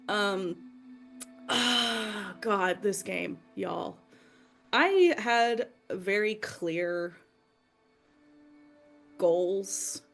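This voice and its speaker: A player giving a candid, emotional farewell at the end of a tabletop campaign, joking at her own expense. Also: mid-range voice. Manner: candid, self-deprecating, emotional. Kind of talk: emotional outro chat.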